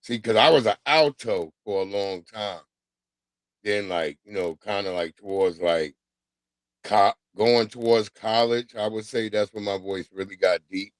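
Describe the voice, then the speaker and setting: A man's voice: lowish voice, a little slow, dry recording. Loose-talking, profane man streaming. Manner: loose, profane street talk with slang. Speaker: livestream host. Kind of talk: casual livestream talk.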